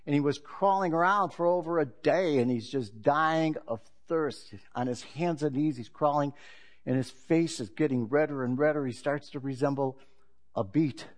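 A male pastor preaching a sermon in a relaxed, conversational storytelling manner, opening with a joke. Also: fairly high pitch, normal speed.

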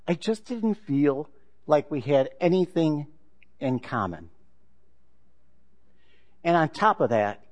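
Male pastor, sermon, high voice, candid and self-deprecating.

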